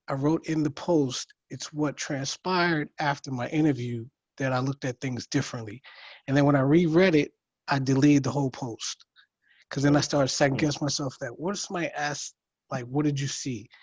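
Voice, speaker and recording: A man's voice: on the high side, darkish tone, husky, no echo. Workshop participant: man, hesitant and searching for words, on muffled, dry call audio. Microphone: video call.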